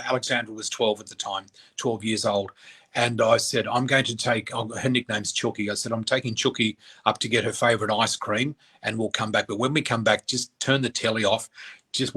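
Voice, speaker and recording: A man's voice: mid-range voice, bright, forceful tone, husky. A middle-aged man telling a personal story as an interview guest, candid and emotional, acting out the voices of people he quotes. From Australia.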